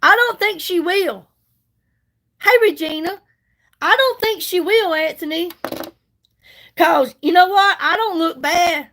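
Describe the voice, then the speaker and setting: A woman's voice: very high voice, slow pace, long pauses, bright, forceful tone, rough recording. A middle-aged woman, chatting casually and sassily with viewers on a livestream while doing her makeup. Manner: chatty, sassy, folksy, greets viewers by name. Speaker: livestream host selling products.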